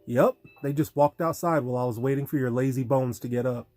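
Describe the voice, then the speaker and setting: A man's voice: medium pitch, fairly quick, a little mellow, no room sound, natural voice. A male audiobook reader voicing a joking teenage boy who talks in casual slang.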